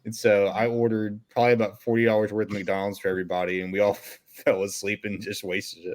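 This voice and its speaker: A young man, co-hosting a podcast and telling a story in a relaxed, rambling way. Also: lowish voice, fast talker. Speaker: podcast co-host. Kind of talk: casual chat.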